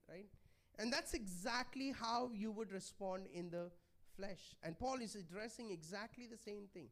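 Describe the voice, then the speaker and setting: A man's voice: sits high, normal speed, fairly bright tone. A man preaching a sermon in a church, pleading and conversational, often checking in with the congregation. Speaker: pastor.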